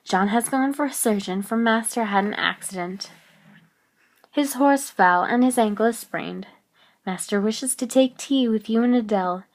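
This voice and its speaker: A woman voicing a brisk, fussy older housekeeper who chatters about the household. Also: a little high, lightly acted. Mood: fussing.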